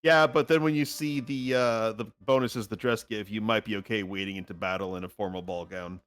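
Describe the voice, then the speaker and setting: A man's voice: on the low side, fairly even intonation, a little fast, a bit bright, smooth. A man playing in a tabletop game, chatting casually with joking asides. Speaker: player.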